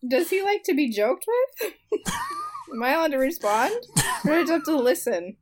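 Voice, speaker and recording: A woman's voice: high voice, very animated, moderate pace, darkish tone. A woman co-hosting a podcast in casual chat, giggling often as she talks. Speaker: podcast co-host.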